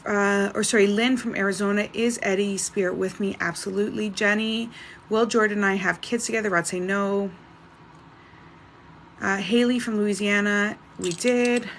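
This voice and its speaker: A woman hosting a live-stream psychic reading, briskly reading out viewers' names and questions in a chatty, casual way. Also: fairly high pitch, fairly bright tone, slight background noise. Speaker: psychic livestream host.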